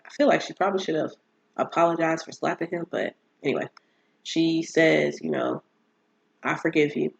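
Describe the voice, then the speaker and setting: Chatty woman podcast host, gravelly voice, dull lo-fi audio, casual solo recap. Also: deep voice. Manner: chatty, animated, with frequent fillers and restarts.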